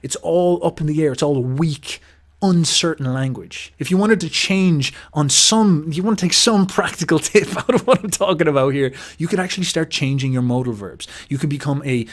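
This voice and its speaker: A man's voice: on the high side, moderate pace. Emphatic man riffing on philosophy. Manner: emphatic, animated, swears casually, mimics other voices. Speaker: host. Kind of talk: casual philosophical monologue.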